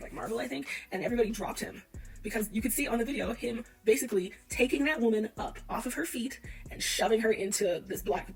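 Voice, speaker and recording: A woman's voice: a little high, far from the mic, low-quality recording. A woman giving a casual opinion rant, exasperated and full of rhetorical questions. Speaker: commentator.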